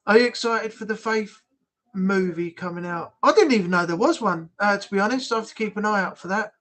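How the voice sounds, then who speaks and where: A man from the United Kingdom hosts a casual livestream, reading comments in a rambling, chatty, blunt way and often restarting his sentences. His voice sits high and a bit bright, and he talks a little fast.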